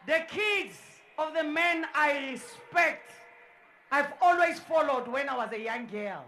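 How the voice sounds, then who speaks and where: A woman working as MC at a sports event, hyping the crowd in a loud, repetitive way and often shouting. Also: sits high, lively intonation, slow pace. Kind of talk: live crowd hype and welcome speeches. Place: indoor sports dome.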